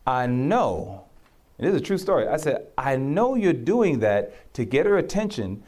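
In a mid-range voice at a moderate pace, a man preaches and relates episodes from his own life as conversational testimony. He's an animated storyteller who acts out what people said, with plenty of laughter.

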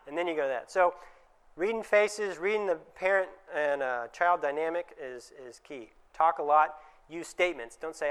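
A man speaks to a room of dentists in a relaxed, conversational way, slipping into quick impressions of parents and patients. His voice sits a little higher than most men's and sounds smooth and resonant. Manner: conversational, acts out little dialogues with changed voices. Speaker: dentist giving a presentation. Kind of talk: conference talk to dentists.

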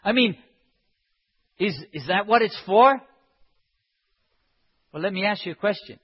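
A man's voice: high-pitched, expressive, measured pace, slightly rough. A man preaching a sermon in an impassioned way, building up to emphatic cries. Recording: dull sound in a reverberant hall.

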